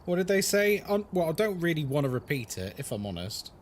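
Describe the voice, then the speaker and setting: A man's voice: a little high, very animated, fairly quick, slight background noise. A man hosting a casual game live stream, joking and laughing with his chat. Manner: playful, joking, laughs often.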